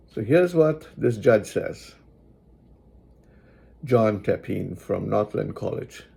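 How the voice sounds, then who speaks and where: A man giving moral advice in a reflective spoken monologue, deliberately repeating lines for emphasis. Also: on the low side, animated, vocal fry, warm tone, husky.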